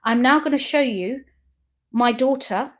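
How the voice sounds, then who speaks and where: A woman's voice: sits high, measured pace. A woman giving an emotional, accusatory livestream address to her family. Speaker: company founder addressing family online.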